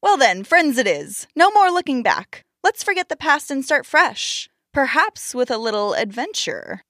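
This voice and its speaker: A woman voicing a sly, scheming male hare trickster in a storybook tale, smooth and wheedling. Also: high-pitched, sing-song, measured pace, a bit bright, dry recording, clean studio sound, pitched above the performer's own voice, exaggerated voice.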